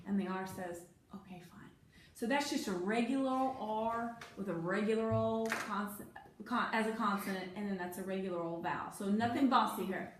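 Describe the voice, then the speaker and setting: A woman's voice: medium pitch, brisk. A woman tutoring a student one-on-one in reading, patiently coaching and asking guiding questions. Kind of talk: one-on-one phonics lesson. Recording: very echoey room, faint noise.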